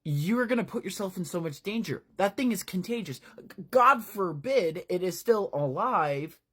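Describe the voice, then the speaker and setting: A narrator voicing a frantic adult male scoutmaster who scolds the boys in a high, worried voice during a dramatized book retelling. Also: animated, normal speed, fairly bright tone, slightly rough. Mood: alarmed scolding. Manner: shrill, scolding and overprotective.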